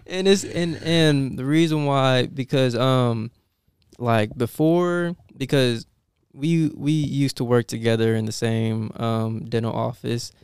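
Animated young man with a smooth voice. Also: mid-range voice, slow pace, no echo. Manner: animated, laughing, many fillers and restarts. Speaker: guest, dental assistant. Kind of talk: casual storytelling interview.

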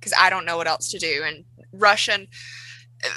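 A woman's voice: on the low side, moderate pace, bright, forceful tone, no room sound, poor audio. A woman playing a tabletop game, casual and swearing freely. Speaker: player.

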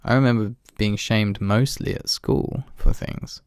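In clean studio sound with no echo, a man reflects in a casual monologue, candid and self-deprecating, with occasional swearing and laughter at himself. His voice is fairly low and unhurried, with fairly even intonation and a slightly mellow, clear, resonant tone.

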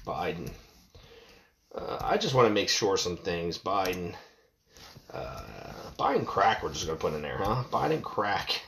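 A man's voice: low voice, big pitch swings, a little slow, vocal fry, sharp tone, a little hiss or hum. A man ranting in a casual, profane, rambling way, stumbling over restarts and swearing often. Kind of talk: casual rant to camera.

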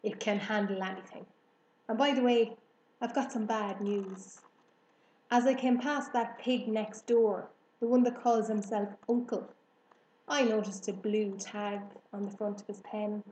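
A woman voicing a gluttonous, bloated male rat with a husky, hoarse voice. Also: mid-range voice, steady tone, measured pace, dark tone, reverberant, a little hiss or hum, lightly acted, rough recording. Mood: sneering.

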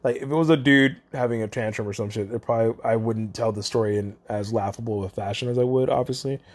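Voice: medium pitch, fast talker. A speaker, talking casually and bluntly about phone customer service work, with lots of swearing. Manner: blunt, profane, chatty. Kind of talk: casual monologue to camera.

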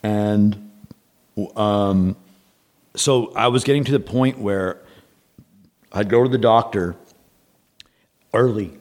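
A man's voice: lowish voice, slow pace, pauses often, a little mellow. A man guest on a podcast, telling a long story in a rambling, casual way, acting out what people said and swearing freely.

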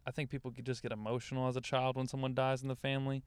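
Young guy rambling and cussing in a car podcast, smooth voice, dead dry sound. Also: medium pitch, completely flat delivery, racing, no room sound. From Louisiana. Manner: rambling, swears freely, laughs often. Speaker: comedian guest. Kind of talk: casual podcast chat. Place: inside a car.

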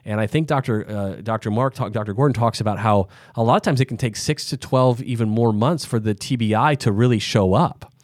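A man's voice: fairly low pitch, a little fast, few pauses, dry recording, clean studio sound. A man from the US Midwest hosting a podcast interview, thinking aloud in long rambling sentences full of restarts. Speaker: podcast host. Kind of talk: casual interview chat.

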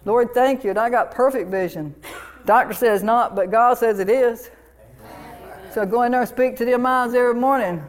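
A woman's voice: fairly high pitch, fairly even intonation, a little fast. A woman pastor preaching a sermon, fervent and declarative, repeating commands and affirmations with restarts.

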